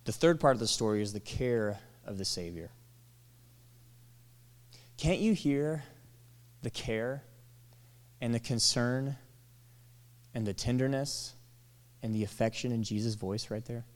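A man's voice: mid-range voice, measured pace, long pauses. Man preaching in a reverberant hall. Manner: animated, acts out quoted lines, drops to soft tender tones. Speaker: pastor. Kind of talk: sermon.

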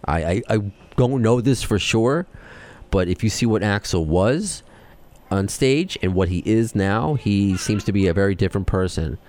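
A man with a New York accent hosting a podcast, talking fast and excitably as he rants. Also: on the low side. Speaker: podcast host. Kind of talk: casual chat.

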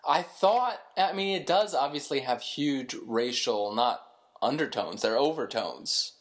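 A woman co-hosting a podcast in casual chat, dry and laid-back with quick interjections. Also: rumbling low, animated. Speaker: podcast co-host.

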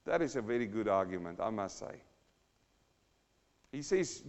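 Here the preacher's voice is fairly low and sing-song, moving at normal speed with frequent pauses. His verse-by-verse sermon gives the scripture's voices a dramatic, escalating performance, heard through a dull, lo-fi recording with long reverb from the hall.

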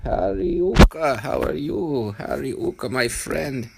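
A man voicing a grand old male leader from the future, who speaks in slow, drawn-out phrases, in a told bedtime story. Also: mid-range voice, lively intonation, gravelly, heavy background noise, voice pushed up.

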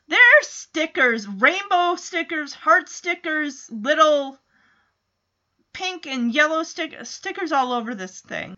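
A woman casually recapping a TV episode, chatty and animated, acting out bits of dialogue as she retells it. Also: sits high, muffled recording. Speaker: show recapper.

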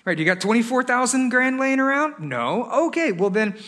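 A man's voice: very high voice, sing-song, moderate pace, a bit bright. A man preaching a sermon as pastor to his congregation in a church, impassioned and full of rhetorical questions, with sarcastic asides. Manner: impassioned, many rhetorical questions, building in intensity. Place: church service before a congregation.

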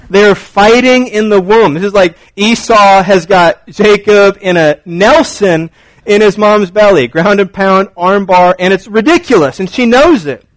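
A man's voice: high-pitched, no echo, low-quality recording. A man preaching a sermon as a pastor, joking and acting out scenes as he talks. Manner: animated, joking, acts out scenes.

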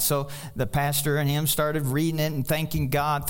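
A male pastor delivering a sermon with a somewhat high voice. He talks in a folksy, storytelling way with joking asides. His voice climbs when he presses a point. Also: fairly even intonation, a little fast, few pauses, smooth.

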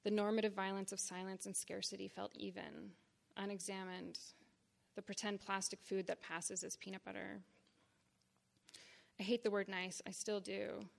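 A woman in her thirties from the Boston area, a writer giving a live reading of her own memoir to an audience, in deliberate, measured short phrases and with blunt frankness. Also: medium pitch, little pitch movement, vocal fry. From Boston area, United States. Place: reading series event before an audience.

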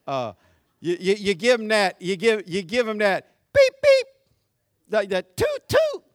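A man preaching a sermon as pastor, folksy and joking, swinging from shouts down to quiet, low talk. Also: animated, normal speed, no room sound, studio quality. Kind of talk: conversational sermon.

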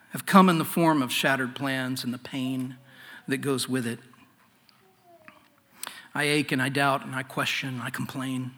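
A man preaching a sermon in an earnest way, often dropping to a hushed voice. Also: medium pitch. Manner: earnest, swings from loud to hushed. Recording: long hall reverb.

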